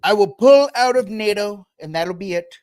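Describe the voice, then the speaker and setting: A man's voice: high voice, animated, normal speed, darkish tone, voice pushed up. A man putting on a blustering older male politician, making boastful, emphatic declarations. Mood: defiant.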